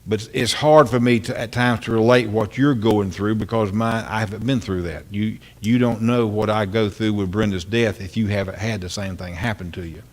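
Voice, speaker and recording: A man's voice: fairly low pitch, steady tone, normal speed, few pauses. An older man, a pastor, preaching an earnest, impassioned sermon full of repeated phrases and rhetorical questions.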